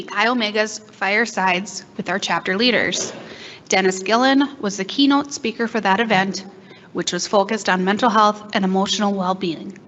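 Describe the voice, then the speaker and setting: A woman reading a written introduction aloud at a conference, steady and careful. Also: medium pitch, lo-fi sound, slight background noise. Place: conference hall.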